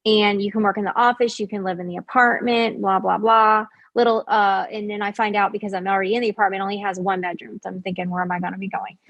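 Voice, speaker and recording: A woman guest telling a personal story in a casual, animated way, full of "like" and acting out what others said. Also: medium pitch, fast, creaky, few pauses, dull audio. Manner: animated, acts out quoted voices; frequent fillers like "like".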